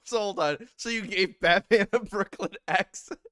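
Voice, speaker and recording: A man hosting a podcast in an animated, laughing casual chat. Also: high voice, moderate pace. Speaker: podcast host.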